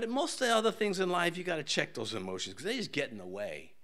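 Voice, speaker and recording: An older man preaching a casual, joking sermon in a church, with folksy asides and voices acted out in a high pitch. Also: big pitch swings, fast talker, hardly any pauses, fairly bright tone. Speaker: pastor.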